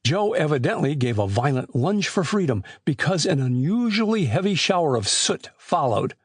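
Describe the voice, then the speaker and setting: A man narrating an audiobook with expressive, scripted storytelling on a close mic. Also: on the high side, normal speed, slightly rough, dry recording.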